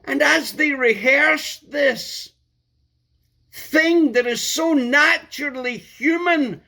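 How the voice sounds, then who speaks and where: Guy preaching slow and deliberate, keeps hammering the same words. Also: very high-pitched, pushed and bright. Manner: emphatic, repeats key words for stress. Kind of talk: sermon.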